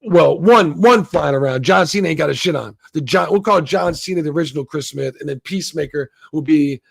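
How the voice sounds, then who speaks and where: A man's voice: a little high, fairly quick, gravelly, breathy edge, no room sound. A man hosting a casual, rambling and profane review of a TV episode. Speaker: show reviewer, channel host.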